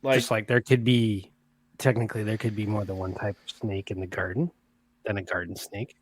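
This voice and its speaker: A man's voice: on the low side, fairly even intonation, normal speed. A man co-hosting a podcast, easygoing and laughing along in casual chat. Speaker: podcast co-host.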